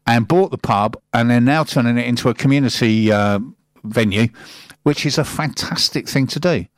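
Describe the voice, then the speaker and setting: A man's voice: medium pitch, normal speed, no room sound, studio quality. Chatty male radio presenter. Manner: chatty, reads local news items aloud with asides. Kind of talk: casual radio chat and news reading.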